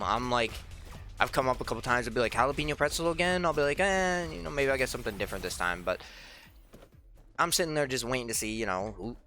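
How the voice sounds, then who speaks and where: A young man talks through a long, rambling anecdote while he plays, often breaking off to act out the people in it. His voice is bright and forward, at an ordinary pitch. Faint game music plays under the talk. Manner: rambling, chatty, acts out quoted people. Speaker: let's play host. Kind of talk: casual storytelling over gameplay.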